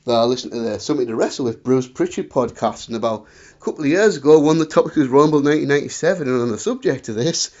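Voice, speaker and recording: A man in his thirties from the northeast of England with a Northeast English accent, hosting a casual wrestling chat and telling stories with lively bursts. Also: medium pitch, racing. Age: 30s. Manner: chatty, animated storytelling with shouted impressions. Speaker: podcast host. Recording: slightly dull lo-fi recording.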